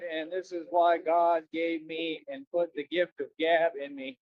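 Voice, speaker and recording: Outdoors by a road, a livestreamer with a voice on the high side speaks in a level tone, unhurried and with few pauses, on dull audio lacking room sound. He rambles to viewers about donations, repeating himself and constantly saying "that's right."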